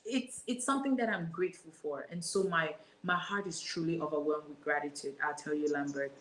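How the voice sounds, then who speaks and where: A woman in her thirties talks as an interview guest, pouring out gratitude with repeated starts and words. Her voice sits low. The recording is echoey, with a faint hum of ambient noise behind it. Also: fairly quick, a bit bright. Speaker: guest, business owner. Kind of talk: emotional interview talk.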